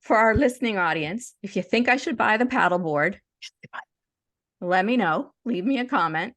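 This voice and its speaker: A woman's voice: mid-range voice, lively intonation, moderate pace, a bit bright, dry recording. A woman co-hosting a podcast, chatting casually and reading a story aloud with small stumbles and restarts. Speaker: podcast co-host.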